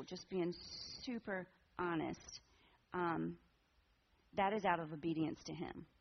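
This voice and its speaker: A woman in her forties shares a personal testimony with a church group, sounding earnest and conversational. Her voice has a gravelly fry to it. The recording is dull and somewhat lo-fi. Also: on the low side. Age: 40s. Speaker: women's ministry speaker.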